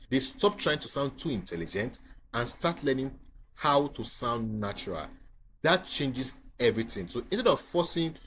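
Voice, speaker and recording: A man's voice: mid-range voice, a bit bright, slight background noise. A man with a Nigerian accent, an IELTS tutor teaching to camera with emphatic repetition and frequent checks on the listener. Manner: emphatic, repeats key points, asks the viewer if they follow.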